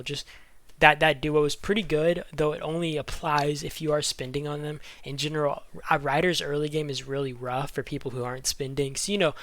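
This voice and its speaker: A man talks through game strategy in a loose, rambling way, full of fillers and self-corrections. He is audibly out of breath, his voice sits a bit high, and the sound is dry and close. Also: fairly bright tone, dry recording. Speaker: gaming YouTuber. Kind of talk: casual game strategy commentary.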